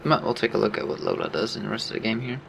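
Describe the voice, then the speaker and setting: A man giving casual commentary over his own gameplay, relaxed, laughing often and explaining his moves. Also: fairly low pitch, very fast, gravelly, slight background noise.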